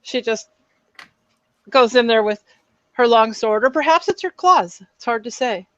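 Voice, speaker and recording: A woman playing a tabletop game, describing her character's actions in an animated way and searching for words. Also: on the high side, measured pace, no room sound, dull audio. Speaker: player.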